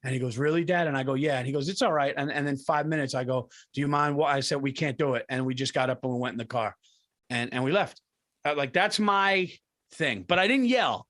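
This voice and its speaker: A middle-aged man co-hosting a podcast, telling animated, profane stories and ranting about pet peeves. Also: mid-range voice, brisk. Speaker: podcast co-host. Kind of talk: casual comedic storytelling.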